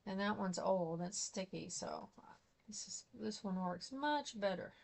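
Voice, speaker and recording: A woman's voice: mid-range voice, animated, a little slow, gravelly, darkish tone. A middle-aged woman chatting casually as she works on a craft project, rambling and laughing often. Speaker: craft vlogger.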